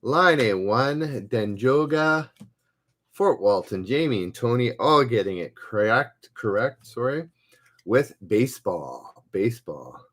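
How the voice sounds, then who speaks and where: A man hosts live trivia and talks at an unhurried, plodding pace. His pitch sits in a middle range. He reads each question twice and trails off often as he looks for words. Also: lively intonation, fairly bright tone. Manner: halting, hesitant, reads questions aloud twice with many fillers. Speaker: livestream trivia host. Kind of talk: casual live-stream chat.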